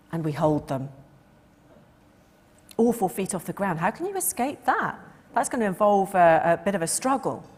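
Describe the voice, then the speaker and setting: A middle-aged woman giving a lecture in a lively, expressive way, now and then acting out the voices of a cat and its owner. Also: on the low side, breathy edge. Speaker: cat behaviour speaker. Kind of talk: lecture talk. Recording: long reverb of a lecture hall.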